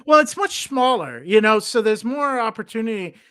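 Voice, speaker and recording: A man from the United States co-hosting a casual chat show, talking in an animated way and laughing as he talks. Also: high voice, moderate pace, smooth. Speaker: co-host.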